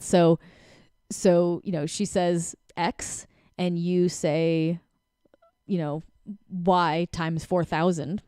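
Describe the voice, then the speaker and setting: Lively woman coaching, low dry voice. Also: smooth, no room sound. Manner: animated, acts out quick voices with laughs. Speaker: relationship coach. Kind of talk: casual advice talk.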